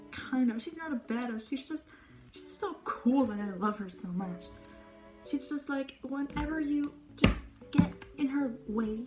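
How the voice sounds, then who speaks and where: A young woman chatting casually about books on her vlog, gushing and rambling, often dropping into breathy whispered asides. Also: medium pitch, poor audio. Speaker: book vlogger. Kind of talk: casual book talk.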